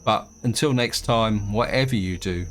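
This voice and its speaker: A man's voice: on the low side, moderate pace, slight background noise. A man casually commenting on his own gameplay, thinking aloud as he plays. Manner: relaxed, thinking aloud while playing. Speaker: gaming video host.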